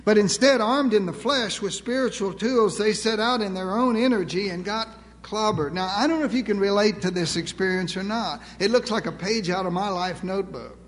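An older male preacher with a high voice, delivering a folksy sermon full of dry humor and slow, stretched-out emphasis. His words ring out with a long reverb, as if he stands in a large church sanctuary.

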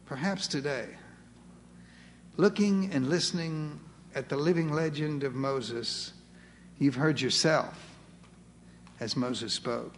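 Earnest preacher with a high voice. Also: male voice, takes it slowly, pauses often. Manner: earnest, dramatic, pleading. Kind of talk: sermon. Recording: reverberant hall, faint background noise.

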